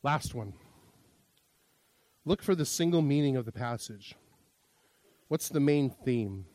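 A man's voice: medium pitch, lively intonation, slow, a little mellow, no echo. A middle-aged male pastor teaching a sermon in a conversational, jokey way, acting out quoted lines. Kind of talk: sermon teaching on interpreting scripture.

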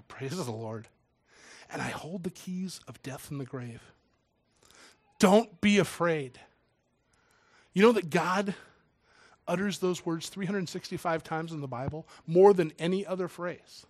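Man preacher, slightly high voice, emotional, loud readings then hushed asides, dry mic. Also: unhurried, pauses often, no room sound. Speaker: preacher and church drummer. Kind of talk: sermon.

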